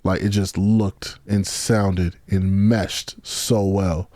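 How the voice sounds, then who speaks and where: A man's voice: sits low, little pitch movement, takes it slowly, warm tone, no echo, clean studio sound. A man being interviewed on a podcast, talking in a laid-back, slangy way with lots of swearing and fillers. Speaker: podcast guest, beatmaker. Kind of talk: casual chat.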